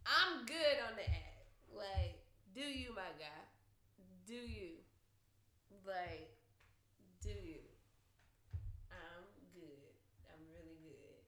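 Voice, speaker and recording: A young woman telling a story in casual chat, animated and profane, with bursts of laughter. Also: fairly low pitch, very slow, long pauses, slight background noise. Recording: roomy echo.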